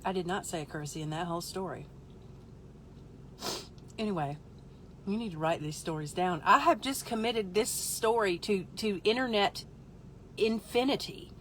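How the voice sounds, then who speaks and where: Casting note: woman host, livestream comic storyteller, animated and exaggerated. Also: medium pitch, moderate pace, pauses often, a little hiss or hum. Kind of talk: comic storytelling on a live stream.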